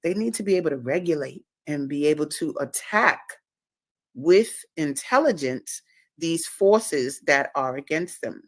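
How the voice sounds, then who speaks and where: A woman's voice: deep voice, expressive, measured pace, no room sound. A woman hosting a livestream and talking about her own book in a casual, emphatic, preachy way, repeating words for stress. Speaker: host and author.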